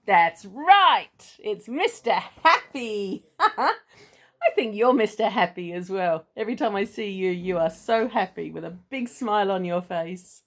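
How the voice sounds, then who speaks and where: A woman's voice: mid-range voice, expressive, unhurried. A woman reading a children's storybook aloud to a child, playful and chatty with asides. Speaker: parent or relative reading to a child.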